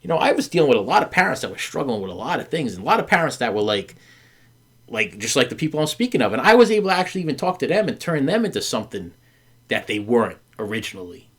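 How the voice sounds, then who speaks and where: There's a sing-song quality to this middle-aged man's medium-pitched voice, which is husky, fairly bright and quick. Hosting a podcast, he tells his wife a story candidly and earnestly, tripping over and repeating words with plenty of fillers and imitating the people he quotes.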